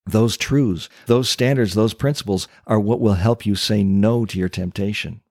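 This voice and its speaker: A low-voiced man preaching a sermon, leaning hard on key words and pausing for effect. The sound is close and dry, with no room around it. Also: a little mellow, dry recording. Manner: emphatic preaching with dramatic pauses. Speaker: pastor.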